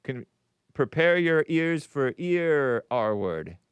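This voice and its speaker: Male call-in host, clear smooth voice, joking and chuckling, dry close mic. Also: a little high, very animated, slow, no echo, lo-fi sound. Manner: joking, chuckles while talking. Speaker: talk show host. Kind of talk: casual call-in show chat, reading viewer messages aloud.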